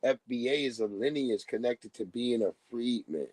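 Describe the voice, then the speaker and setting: A man doing a casual live-stream rant as a commentator, profane and animated, mocking his subject and breaking into laughter often. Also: mid-range voice, moderate pace, dry recording. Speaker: livestream commentator.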